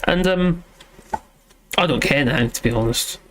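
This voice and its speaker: A man's voice: on the high side, unhurried, a little hiss or hum. A man hosting a casual livestream from home, rambling and self-deprecating, with lots of fillers and restarts. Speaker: livestream host reading chat. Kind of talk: casual live chat.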